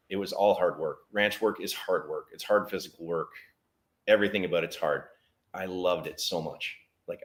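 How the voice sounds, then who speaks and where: A man with a very low voice tells a story in conversation. He acts out the other people's lines with energy as he talks. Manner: animated storyteller acting out dialogue. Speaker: guest, barbershop business owner.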